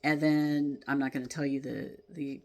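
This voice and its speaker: A woman leading a spiritual class, talking in a gentle, heartfelt way with sighs and soft laughs as she reflects on oracle card guidance. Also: low-pitched, little pitch movement, normal speed. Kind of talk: reflective spiritual talk, reading from oracle cards.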